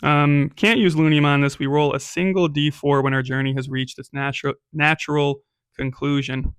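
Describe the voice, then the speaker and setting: A man's voice: on the high side, level tone, moderate pace, clean tone, no echo, clean studio sound. A man casually narrating and playing a solo tabletop role-playing game, rambling a little with frequent ums.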